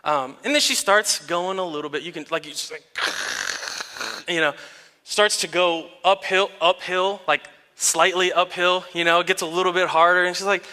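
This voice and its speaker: A man in his thirties, a pastor giving a sermon in a relaxed storytelling way, laughing often. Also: high-pitched, brisk. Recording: long reverb of a large hall.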